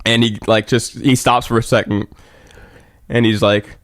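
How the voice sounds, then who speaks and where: A man's voice: on the low side, level tone, normal speed, a bit bright, dry recording, studio quality. A young man co-hosting a podcast, telling a rambling, profane story in casual chat. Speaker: podcast co-host.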